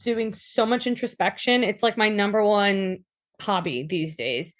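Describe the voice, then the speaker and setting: A New York woman in her thirties, speaking with a New York accent and a mid-range voice, appears as a guest in a casual interview. She's animated, talking in bursts, restarting quickly and dropping in quoted asides.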